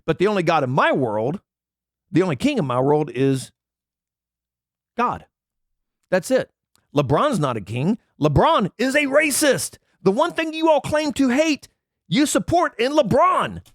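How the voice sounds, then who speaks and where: A man's voice: sits high, sing-song, unhurried, long pauses, no echo, clean studio sound. Ranting man with a swooping voice. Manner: indignant ranting, reads out items and mocks them. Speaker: commentary channel host. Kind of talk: angry political commentary.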